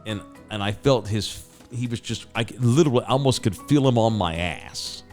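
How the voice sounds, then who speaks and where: A man's voice: medium pitch, normal speed, darkish tone, faint music behind. A middle-aged man telling a story as a host, casual, rambling and profane, with sound effects.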